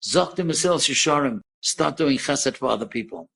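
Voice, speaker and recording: A rabbi telling an inspiring story to listeners, animated and lively, acting out the people in it. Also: male voice, medium pitch, fairly quick, gravelly, soft background music. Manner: animated storyteller who acts out quoted voices.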